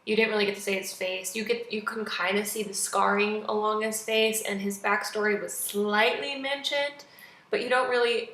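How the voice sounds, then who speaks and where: Young woman, casual vlog reviewer, chatty and animated, bright voice, echoey room. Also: medium pitch, moderate pace. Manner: chatty, animated, acts out quotes. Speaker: movie reviewer.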